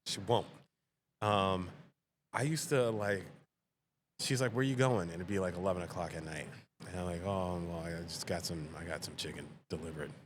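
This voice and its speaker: A man, a veteran and father, guesting on a casual podcast and telling animated stories that act out family dialogue, laughing often. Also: sits low, moderate pace, a little hiss or hum.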